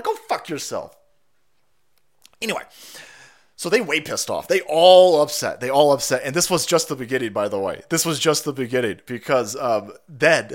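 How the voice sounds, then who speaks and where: A man hosting a livestream, delivering an angry, profane political rant with crude mockery. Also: a little high. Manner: angry, crude, mocking, rapid-fire. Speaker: livestream host.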